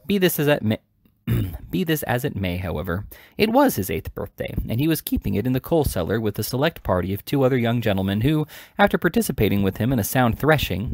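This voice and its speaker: Male audiobook reader, gravelly and low, dry close mic, prone to small stumbles. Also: no room sound. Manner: frequent slips and restarts mid-word. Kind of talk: reading a classic novel aloud.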